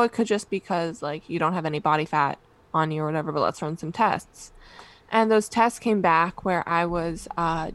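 A woman's voice: on the low side, fairly bright tone. A young woman, a podcast guest, speaking candidly in casual chat, telling a personal story with light self-deprecating humor.

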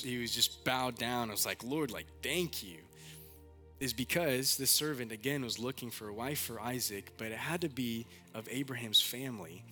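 A young man, a pastor, preaching a sermon with animated storytelling and candid asides. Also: medium pitch.

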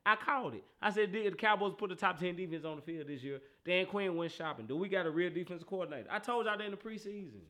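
A high, bright-sounding guy with an AAVE accent rants about sports, teasing, repeating himself and laughing a lot.

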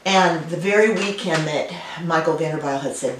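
Low-voiced woman winemaker, roomy distant sound. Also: fairly even intonation, unhurried. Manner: warm storytelling with frequent fillers and restarts. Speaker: winemaker guest. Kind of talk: casual conversational interview. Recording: roomy and distant, faint noise.

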